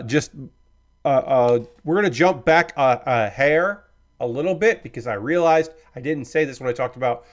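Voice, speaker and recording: Rambling, easygoing male streamer. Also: mid-range voice. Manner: rambling and hedging, swears casually; apologetic, easygoing. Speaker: streamer host. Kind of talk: casual live-stream chat.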